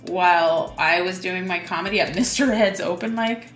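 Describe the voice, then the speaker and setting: Comedian lady rambling on a podcast, bright voice, echoey room. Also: on the low side, moderate pace, soft background music. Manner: playful, rambling, full of fillers. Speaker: stand-up comedian guest. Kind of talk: casual chat.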